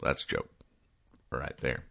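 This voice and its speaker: A man reading comic strips aloud and explaining the jokes in a rambling, deadpan way, with sighs and trailing asides. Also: unhurried. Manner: rambling, dry, sighing, trailing off low.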